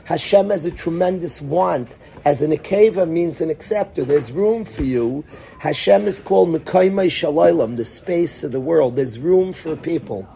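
A man's voice: fairly high pitch, normal speed, vocal fry, dark tone, a little hiss or hum. A man teaching a Torah lesson as a rabbi, thinking aloud, acting out questions and answers, and sprinkling Hebrew and Yiddish terms.

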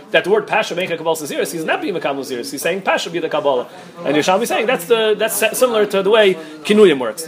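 Rapid-fire high-voiced rabbi teaching Talmud. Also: male voice, a bit bright. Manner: rapid, restarts often, mixes Hebrew-Aramaic terms. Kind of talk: quick Talmud study lecture.

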